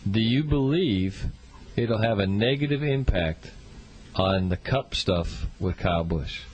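A man's voice: on the low side, expressive, unhurried. A man hosting a radio show about motorsport, talking casually and rambling with many restarts.

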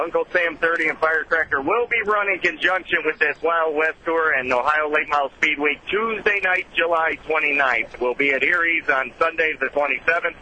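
A man calling in to a radio show from a racing series, giving a brisk, upbeat rundown of dates and events. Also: a little high, pushed and bright, slight background noise, rough recording. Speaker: caller, racing series official. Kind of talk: call-in update.

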